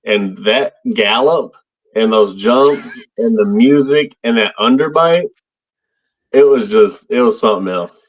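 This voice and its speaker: A man's voice: medium pitch, measured pace, poor audio. A man co-hosting a podcast, talking casually about a movie in a laid-back, wry way full of filler words. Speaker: podcast co-host.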